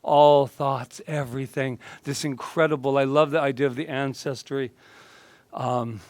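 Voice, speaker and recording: A man's voice: medium pitch, steady tone, measured pace, darkish tone, no echo. A male minister giving a casual, joking sermon and chatting with his congregation. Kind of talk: conversational sermon.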